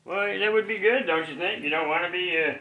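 A man's voice: sits high, fairly quick, narrow, tinny audio. A man streaming live and chatting casually, rambling, swearing offhand and chuckling between remarks. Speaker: livestream host. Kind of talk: casual chat. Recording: echoey room, mic at a distance.

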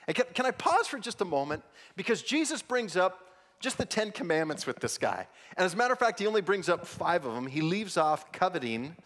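A man's voice: big pitch swings, brisk. A man preaching a sermon as pastor, earnest and conversational, often repeating words and prompting the congregation to respond. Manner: soft, low prayer voice.

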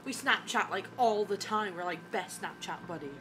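A woman's voice: medium pitch, normal speed, bright, forceful tone, a little hiss or hum. A woman joining a game stream, playful and teasing in casual banter.

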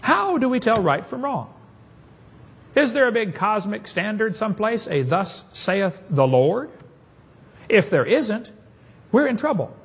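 A man's voice: high-pitched, big pitch swings, a little slow, long pauses, slightly rough. A man giving a preaching seminar talk in a folksy, emphatic way, chuckling at his own jokes. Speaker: creationist speaker.

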